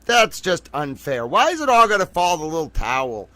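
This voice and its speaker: A man hosting a late-night livestream, tired from a long day, talking in an excitable, rambling, profane way to his viewers. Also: on the high side, moderate pace, no echo. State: tired from being up all day. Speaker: livestream host.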